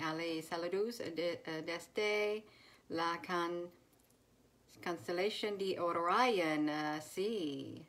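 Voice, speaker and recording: Slow-talking woman greeting viewers. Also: lowish voice, a bit bright. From United States. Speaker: live stream host. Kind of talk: casual live stream chat. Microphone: phone.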